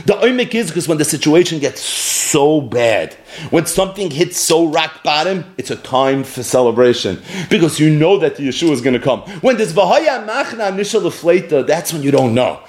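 A man's voice: on the high side, expressive, moderate pace. A man teaching a Torah lecture, asking and answering his own questions and chanting Hebrew texts in a singsong.

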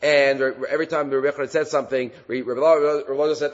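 A male Talmud teacher with a mid-range voice gives a class lecture in a reverberant hall, recorded with dull lo-fi sound. He is animated, acting out quoted rabbis in a raised voice, and often halts to restart his phrases amid many fillers.

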